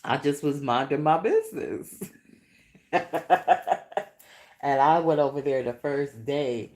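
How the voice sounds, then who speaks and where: Slow-talking woman rambling to camera. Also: rumbling low. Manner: rambling, animated storytelling with laughs and repeated questions. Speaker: podcast host. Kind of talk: casual monologue vlog.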